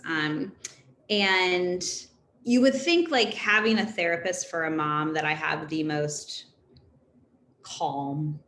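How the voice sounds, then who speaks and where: A woman in her thirties, a therapist, giving an informal talk to parents in a conversational, animated way. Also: sits low. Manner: conversational and animated, laughs between points. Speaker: therapist speaking to a parent council. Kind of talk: informal presentation. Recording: echoey room with faint background noise.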